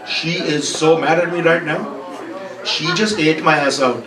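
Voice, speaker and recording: A confused immigrant father speaks halting, broken English with an Indian accent, as a man puts him on on stage. The voice sits raised and earnest. It is caught from across a roomy bar, with a crowd laughing behind. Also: fairly high pitch, steady tone, recorded from a distance, lightly acted.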